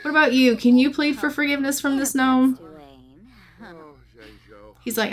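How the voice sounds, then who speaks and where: A woman's voice: high-pitched, expressive, a little slow, long pauses. Chatty woman narrating a life-sim game. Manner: chatty, giggly, narrates characters' thoughts in quoted asides. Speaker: gameplay narrator. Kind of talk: casual let's-play commentary.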